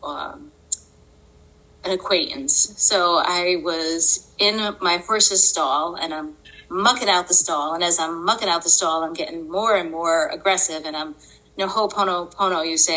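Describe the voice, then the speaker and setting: A woman hosts a podcast and tells a personal story at a slow, deliberate pace. Her voice is bright and forceful. She stays earnest throughout and often breaks into laughter. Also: on the low side, poor audio. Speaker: podcast host.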